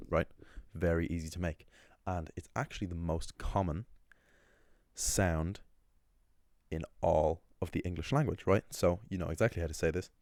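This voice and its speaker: An Irish man teaching a language lesson in a relaxed, thinking-aloud way, with ums and quick self-corrections. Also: sits low, dry recording, clean studio sound. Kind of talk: casual explainer lesson.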